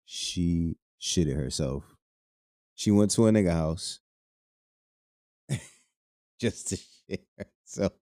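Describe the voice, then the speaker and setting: A man's voice: low-pitched, takes it slowly, long pauses, mellow, dry recording, studio quality. A young man hosting a casual podcast, talking loosely with lots of profanity and laughing between lines. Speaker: podcast host. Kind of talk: casual solo podcast commentary.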